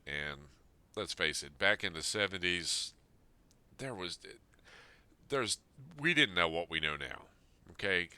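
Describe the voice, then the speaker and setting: A man's voice: low voice, lively intonation, slow pace, long pauses, sharp tone, clear, resonant tone, no echo. A man in his fifties, a podcast host, reading a personal letter aloud and then talking it over in an earnest, plain-spoken way. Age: 50s.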